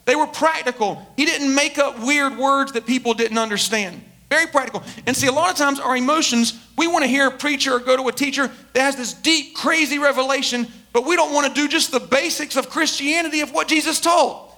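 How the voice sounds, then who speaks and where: A man with a very high, bright, sharp voice preaches in a loose, conversational way. He is emphatic and often stumbles over repeated words as he restarts his sentences. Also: brisk, few pauses. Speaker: pastor. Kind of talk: conversational sermon.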